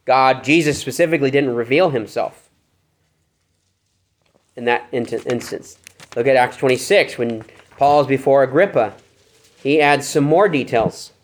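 A man's voice: medium pitch, unhurried, pauses often. A male pastor teaching a Bible study, reading passages aloud and asking rhetorical questions. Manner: reads scripture aloud and asks rhetorical questions.

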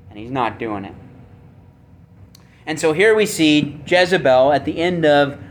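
A man's voice: fairly high pitch, animated, measured pace. Man, sermon, emphatic delivery, rhetorical questions, faint background noise. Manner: emphatic, rhetorical questions, big swings in loudness. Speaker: pastor.

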